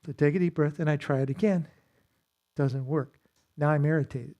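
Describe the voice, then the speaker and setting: A man's voice: fairly high pitch, fairly even intonation, a little fast, mellow. A man leading a church marriage seminar, teaching in a conversational way with self-deprecating humor and acted-out quotes.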